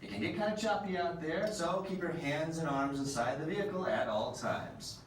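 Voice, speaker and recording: Overconfident scientist played by a man, ride briefing, noisy and distant. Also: natural voice. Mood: breezy. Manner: fast, breezy, overconfident pitch. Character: reckless, eager male time-travel scientist. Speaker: ride pre-show scientist. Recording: very echoey space from far off, ride noise.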